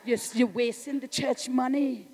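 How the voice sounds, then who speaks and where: A middle-aged woman pastor with a Trinidadian accent, preaching a sermon in an emphatic, fervent way, calling out to the congregation and breaking into shouts. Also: high-pitched, fairly even intonation, a little slow, husky.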